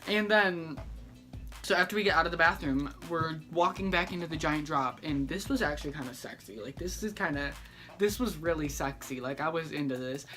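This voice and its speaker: A man's voice: fairly high pitch, a little fast, music in the background. A young man telling a story in a casual vlog, sassy and dramatic, acting out each person he quotes.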